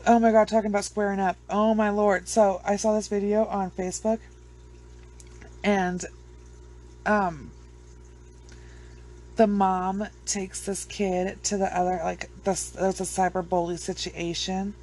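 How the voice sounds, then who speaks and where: Casual, blunt woman host; mid-pitched, rambling delivery. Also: level tone, measured pace, long pauses, darkish tone. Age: adult with children. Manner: rambling and blunt, swears freely, laughs at own stories. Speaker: true crime vlogger. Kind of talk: casual chat to camera.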